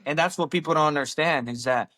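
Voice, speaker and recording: A man's voice: fairly high pitch, fast talker. A young roofing business owner, a man telling stories in a casual interview, acting out quotes and saying "dude" and "like" often. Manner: animated, acts out quotes, says "dude" and "like" often.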